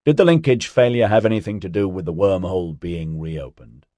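Guy doing a smug tv interviewer, keeps pushing, low gravelly-ish dry voice. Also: fairly quick, warm tone, dry recording, close to an everyday voice. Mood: probing, mocking. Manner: probing, needling questions. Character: pushy male news interviewer, mocking and persistent. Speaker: journalist.

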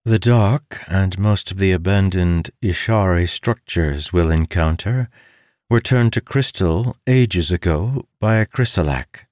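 A man voicing a female scholar who briefs a war council in a measured, explaining way. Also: low-pitched, darkish tone, no echo, clean studio sound, voice pushed up.

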